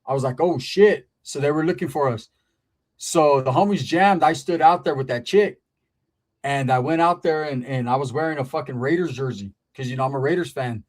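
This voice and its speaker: A man's voice: mid-range voice, fairly quick. A man hosting a casual podcast chat, from Northern California, telling loose, profane stories in street slang. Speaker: podcast host. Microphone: streaming setup.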